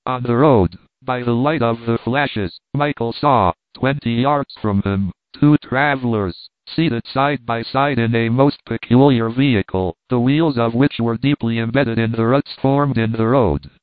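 Brief: male audiobook reader, measured narration; dry, lo-fi phone-band sound. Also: medium pitch, no echo. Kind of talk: scripted narration.

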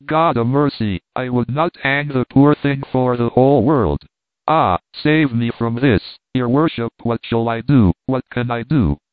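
A man's voice: mid-range voice, measured pace, no echo, natural voice. A flustered peasant woman pleads in breathless exclamations, as a male reader puts her on. The sound is thin and tinny, like a phone line, and completely dry. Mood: pleading.

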